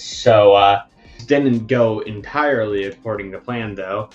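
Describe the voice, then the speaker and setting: A man's voice: lowish voice, steady tone, unhurried, faint music behind. A young man casually narrating his own story, rambling and chatty, on a muffled lo-fi home mic. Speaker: fan storyteller.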